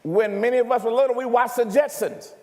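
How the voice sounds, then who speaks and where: A man preaching a sermon as pastor, animated and often checking in with the congregation. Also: very high voice, brisk. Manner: animated preaching, asks the congregation if he makes sense. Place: church sanctuary. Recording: reverberant church hall.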